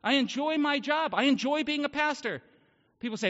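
High-voiced preacher man, booming hall. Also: moderate pace, fairly bright tone. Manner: earnest, emphatic preaching with rhetorical questions. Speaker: pastor. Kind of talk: sermon. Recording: muffled sound with long hall reverb.

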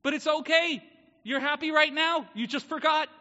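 Male pastor, very high and bright voice, earnest emphatic sermon, muffled recording in a reverberant church hall. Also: normal speed. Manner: earnest, emphatic preaching with rhetorical questions.

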